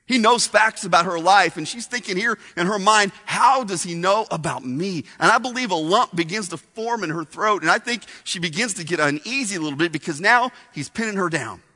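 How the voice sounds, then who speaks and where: A man's voice: high voice, brisk, hardly any pauses, bright, forceful tone. A man preaching a sermon, storytelling with asides to the congregation, in a reverberant hall.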